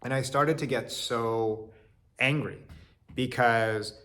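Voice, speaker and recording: A man telling a personal story in an animated way, swinging from loud to quiet. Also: mid-range voice, slow pace, slight background noise.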